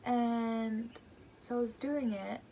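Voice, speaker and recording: A woman's voice: fairly high pitch, steady tone, slow, vocal fry, mellow, a little hiss or hum. A teenage girl vlogging, chatting casually about her embarrassing moments with lots of "like" and rambling asides. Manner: chatty, rambling, heavy use of "like". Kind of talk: casual storytelling to camera.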